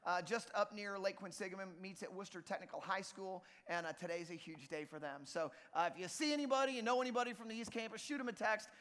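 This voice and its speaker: A man preaching a sermon as lead pastor, lively and joking with the congregation in a church auditorium. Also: high-pitched, fast talker, hardly any pauses. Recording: long reverb of a church hall.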